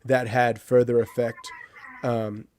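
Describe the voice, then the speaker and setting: Co-host, male, chatty and rambling, dry close sound, plain mid pitch. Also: level tone, slow, darkish tone, no echo. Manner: rambling, many restarts and "you know". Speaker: podcast co-host, movie reviewer. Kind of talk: casual chat.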